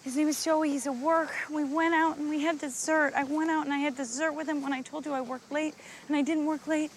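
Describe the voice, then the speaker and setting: A woman's voice: high-pitched, steady tone, fairly quick, a little hiss or hum, natural voice. An actress playing a guilty wife who hesitantly confesses to her husband in film dialogue.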